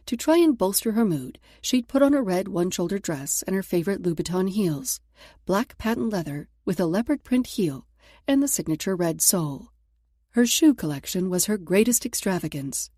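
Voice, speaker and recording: Woman narrating an audiobook, mellow warm voice, dry close sound. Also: on the low side, husky, no room sound. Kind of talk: scripted narration.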